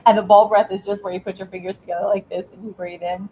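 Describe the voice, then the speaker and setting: A woman's voice: medium pitch, brisk, darkish tone, a little hiss or hum, poor audio. A middle-aged woman, a former school principal, giving earnest, encouraging parenting advice as an interview guest, with frequent restarts.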